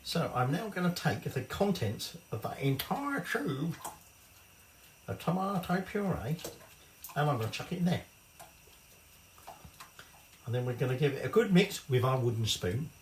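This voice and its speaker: Northern English home cook, middle-aged man, lively sing-song delivery, off-mic in an echoey kitchen, loose and sweary. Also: a little high, measured pace, long pauses, far from the mic, slight background noise. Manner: chatty, swears casually. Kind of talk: casual cooking tutorial.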